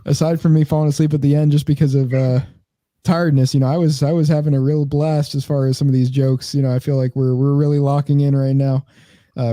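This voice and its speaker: Young male podcast co-host, relaxed slangy delivery, soft dark tone, dry close mic. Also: on the high side, dry recording. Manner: laid-back, slangy, loose. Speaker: podcast co-host wrapping up the show. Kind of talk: casual chat.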